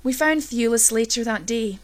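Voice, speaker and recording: Female narrator for a dark first-person horror story; low, intense delivery that builds. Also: moderate pace. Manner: low, intense storytelling that swells at tense moments. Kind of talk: scripted horror story reading.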